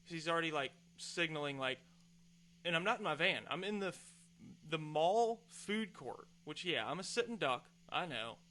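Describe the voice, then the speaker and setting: A man's voice: fairly high pitch, expressive, normal speed, bright, forceful tone. A man hosting a podcast, telling a heated, profane, exasperated story in a casual rant. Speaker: podcast host. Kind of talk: casual ranting monologue.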